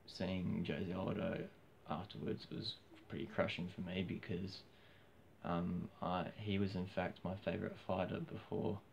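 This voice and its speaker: Hoarse, gravelly deep-voiced Australian man. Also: a little mellow. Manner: rambling, frequent restarts and fillers. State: hoarse, losing his voice. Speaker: vlogger. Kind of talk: casual rambling monologue. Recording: dull lo-fi with faint hiss.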